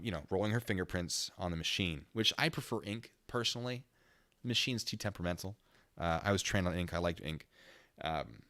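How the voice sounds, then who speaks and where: A man's voice: sits low, pushed and bright, dry recording. A man, a former military police investigator, telling a story in a casual stream, rambling and correcting himself as he goes.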